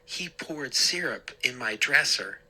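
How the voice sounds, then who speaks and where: A man's voice: mid-range voice, expressive, slow pace, bright, forceful tone, voice pushed up, heavily acted, poor audio. A man voicing a whiny teenage boy who wails over his ruined shirts. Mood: upset. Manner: wailing, whiny. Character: whiny upset teenage brother.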